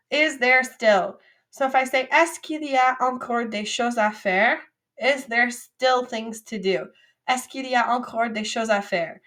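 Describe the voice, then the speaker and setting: A woman teaching a recorded French vocabulary lesson, drilling phrases with clear, upbeat repeat-after-me prompts. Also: a little high, fairly bright tone.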